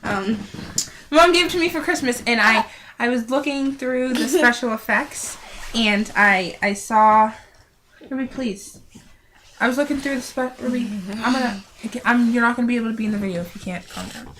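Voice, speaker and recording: A teenage girl chatting casually into a home camera, rambling in halting bursts and often trailing off quietly. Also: on the high side, a little hiss or hum. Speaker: vlogger. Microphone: built-in camera mic.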